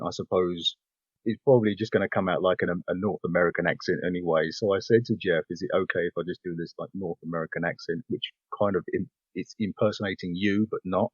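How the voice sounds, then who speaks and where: A lower-voiced English man with a husky edge talks casually as a podcast guest, full of fillers, restarts and easy laughs. The sound is dry and a little dull. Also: no room sound. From England. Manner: chatty, laughs often, many fillers and restarts.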